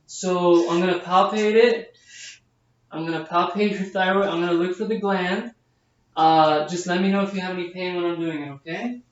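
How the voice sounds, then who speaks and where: This is a demonstration of a head-to-toe physical exam, narrated step by step by a nursing student who uses frequent fillers. He has a high voice, a steady tone and normal speed, and the camera audio sounds far off, echoey and dull.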